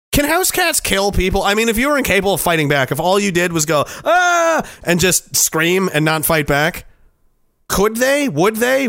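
A man's voice: sits high, fairly bright tone, no room sound, studio quality. A man hosting a casual commentary show, talking in a sarcastic, profane way into a headset mic.

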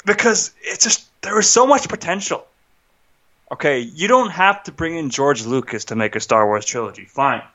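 A man's voice: on the high side, animated, normal speed, sharp tone, muffled recording. A man co-hosting a podcast, ranting in an agitated casual way, often stopping to restart and asking "right?". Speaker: podcast co-host. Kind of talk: casual film rant.

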